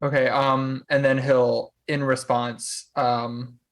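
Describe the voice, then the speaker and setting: A man playing in a tabletop game, hesitant and filling pauses with "um". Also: medium pitch, flat delivery. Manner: hesitant, many fillers. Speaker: player.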